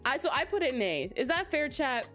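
Woman, streamer, casual live chat, lively swooping voice, higher pitch, frequent giggles. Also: fairly quick, soft background music. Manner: giggly, talks straight to chat.

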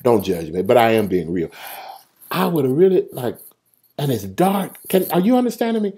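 A man's voice: mid-range voice, normal speed, slightly rough. A man preaching a livestreamed sermon, joking and colloquial, talking straight to his viewers by name. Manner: lively, joking, colloquial storytelling; talks straight to listeners by name.

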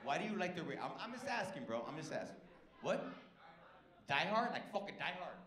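A man's voice: on the high side, sing-song, brisk, a bit bright. A male stand-up comedian doing brash, profane, teasing crowd work on a club stage. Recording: echoey club with crowd noise.

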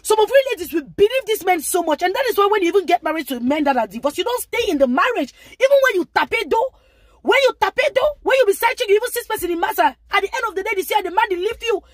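Nigerian woman, very high voice, dry close sound, rambling live-stream advice. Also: animated, fast, no room sound. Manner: rambling, lecturing, with frequent asides. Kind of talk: casual live-stream monologue.

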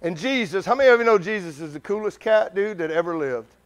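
With a high, animated voice and fast delivery, a man preaches to his congregation in a chatty, question-heavy style. He moves back and forth between loud, urgent bursts and quieter asides.

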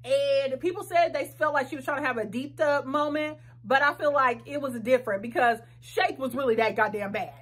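High-pitched woman vlogger, blunt and sassy, swears freely, quick asides, casual reaction video. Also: a bit bright, husky. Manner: fast, talkative asides. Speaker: vlogger reacting to a reality show.

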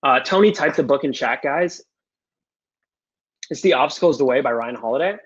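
A young man answering audience questions casually on a video call, loose and animated, with some swearing. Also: mid-range voice, fairly quick, breathy edge. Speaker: guest speaker. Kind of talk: casual Q&A on a webinar. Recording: muffled lo-fi video call audio.

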